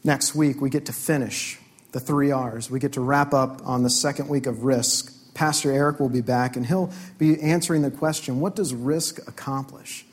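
A man's voice: mid-range voice, steady tone, normal speed. A man preaching a sermon in church, earnest, repeating key phrases and acting out prayers in his own voice. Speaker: pastor.

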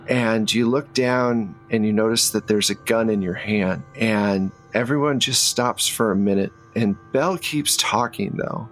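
A man running a tabletop role-play game as game master, narrating scenes in a calm storytelling manner. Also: fairly low pitch, poor audio. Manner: calm storytelling, drops into character voices.

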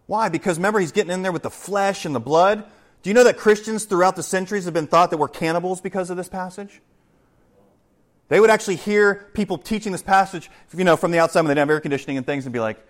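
A middle-aged man preaching a conversational verse-by-verse sermon, animated, with joking asides and acted-out quotes. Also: on the high side, a little fast. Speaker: pastor.

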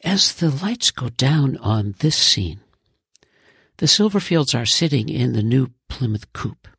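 Measured male narrator, raspy, dry close mic. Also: medium pitch, big pitch swings, a bit bright, no room sound. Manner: slow and measured. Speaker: writer and narrator. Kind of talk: scripted narration.

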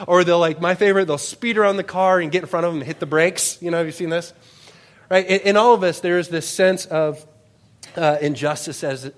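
A man in his thirties, a pastor preaching a sermon in a relaxed, storytelling way, often checking in with the audience. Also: a little high. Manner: conversational, anecdotal, often asks "right?".

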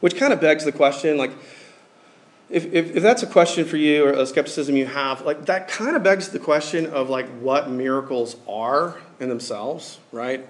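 A man's voice: a little high, moderate pace. A man giving a casual, conversational sermon, talking informally with many fillers like "like" and "um".

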